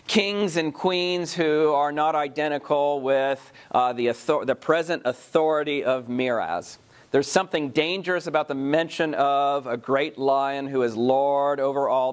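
A man, a pastor, giving a measured lecture on literature, often pausing with filler sounds. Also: medium pitch.

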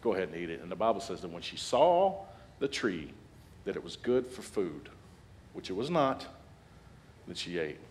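A man in his forties preaching a sermon as a guest speaker, animated and humorous, building to loud peaks. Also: low-pitched, a little slow, long pauses. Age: 40s.

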